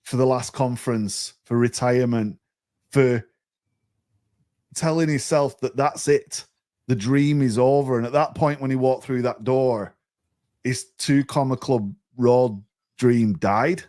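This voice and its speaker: A man, a podcast guest telling a story in a chatty, animated way, often repeating words as he restarts. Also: medium pitch, a little slow.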